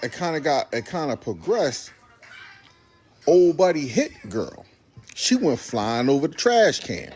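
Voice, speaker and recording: A man's voice: fairly high pitch, darkish tone, breathy edge. A middle-aged man telling a story in a casual way and acting out the scenes as he goes. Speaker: guest.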